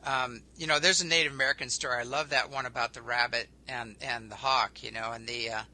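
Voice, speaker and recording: A man hosting a spiritual talk show, telling stories in an animated way. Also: mid-range voice, brisk. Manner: storytelling, animated. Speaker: host.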